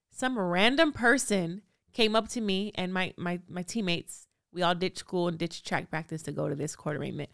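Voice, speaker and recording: Woman podcaster from LA rambling through a story, smooth voice, dry close sound. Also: lowish voice, fairly bright tone, no echo. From Los Angeles. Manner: chatty, storytelling, many fillers. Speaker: podcast host. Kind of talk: solo podcast chat.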